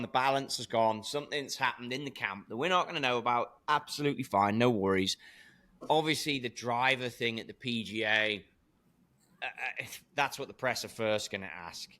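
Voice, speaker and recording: A man hosting a golf podcast, chatting in a playful, animated, slangy way. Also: medium pitch. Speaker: podcast host. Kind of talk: casual podcast banter.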